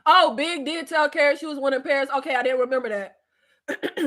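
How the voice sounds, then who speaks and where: Very high-pitched, bright, animated woman. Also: brisk. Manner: animated, gets worked up and yells, laughs at own jokes; slangy, blunt. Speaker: show reviewer. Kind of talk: casual live chat reviewing a TV series.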